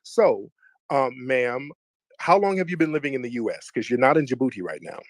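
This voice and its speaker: A man's voice: mid-range voice, animated, a little fast, dry recording, low-quality recording. A man hosting an online audio show, roasting a caller in a mock-formal way and calling her ma'am.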